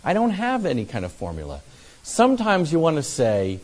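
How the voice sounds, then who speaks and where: A man's voice: fairly high pitch, a little fast. A man preaching a conversational sermon on evangelism, acting out both sides of imagined conversations with fillers and restarts. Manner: animated, acts out both sides of dialogues.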